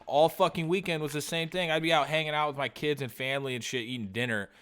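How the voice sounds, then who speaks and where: Rambling, foul-mouthed podcast host. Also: male voice, on the high side, fairly even intonation, quick pace, a bit bright, clean tone. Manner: rambling, swears a lot, acts out past conversations. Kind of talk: casual chat.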